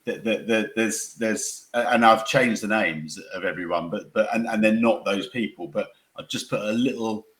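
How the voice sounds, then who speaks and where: Very low-voiced man, halting speech. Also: a bit bright. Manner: halting, many repeated words and restarts. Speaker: crime author and former police officer. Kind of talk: conversational interview answers.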